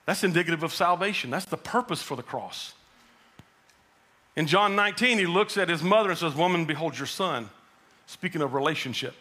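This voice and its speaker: A man preaching a sermon, building up and then dropping low for emphasis. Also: expressive, brisk, sharp tone. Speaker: pastor.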